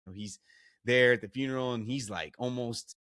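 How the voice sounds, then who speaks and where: A man, a guest on a podcast, telling a personal story in a casual, animated way, full of "like" and restarts. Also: medium pitch, brisk, clean tone, no room sound, clean studio sound. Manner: animated retelling with many "like" and restarts. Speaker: guest, actor and artist.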